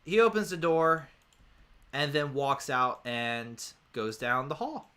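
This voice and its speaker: A man's voice: mid-range voice, animated, takes it slowly, bright, forceful tone. A man narrating a tabletop role-playing game as game master, in a casual, rambling way full of fillers.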